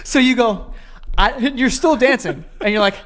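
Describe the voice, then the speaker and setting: A man's voice: very high voice, normal speed. A young man co-hosting a podcast, telling stories in a casual, teasing way and often laughing as he talks. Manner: animated, laughing through his own stories, teasing. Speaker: podcast co-host. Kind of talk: casual comedic storytelling.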